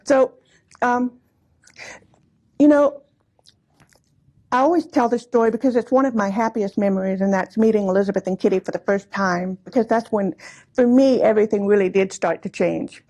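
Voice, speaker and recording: Her voice sits at a medium pitch with a steady tone, moving at normal speed and pausing often. She's a woman in her sixties at a commemorative gathering, telling personal family stories in a hall to a live audience, chatty, warm, and full of laughs and asides.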